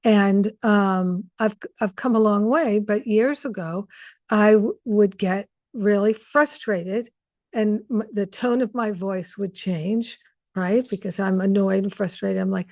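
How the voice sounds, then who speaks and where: A woman's voice: mid-range voice, unhurried, gravelly, a little mellow, no room sound. A woman hosting an online spiritual gathering, speaking earnestly and reflectively with many fillers and restarts over a video call mic. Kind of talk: conversational spiritual talk.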